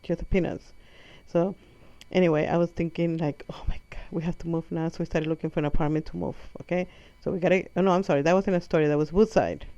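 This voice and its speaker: A woman's voice: fairly low pitch, steady tone, fast, few pauses, mellow, no echo. A woman with a non-native English accent tells a rambling, self-correcting comic story and acts out her mother's lines. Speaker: comedic storyteller. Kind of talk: comic monologue. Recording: muffled lo-fi audio.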